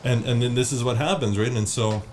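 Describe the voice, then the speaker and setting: A man's voice: mid-range voice, a little fast, slight background noise. A man guesting on a podcast, telling a rambling story in casual chat and swearing freely.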